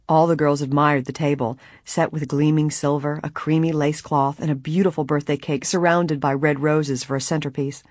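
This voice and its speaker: An audiobook reader narrating a mystery story in a measured way, with a breathy voice. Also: medium pitch, flat delivery, darkish tone, no room sound, studio quality. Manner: measured storytelling, voicing each character. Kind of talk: scripted narration.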